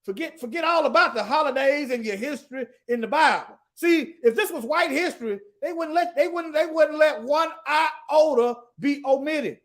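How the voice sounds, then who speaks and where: A man's voice: very high-pitched, moderate pace, hardly any pauses, a bit bright. A man teaching the Bible in an emphatic preaching style, reading scripture aloud and addressing his listeners directly. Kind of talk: preaching to an online audience.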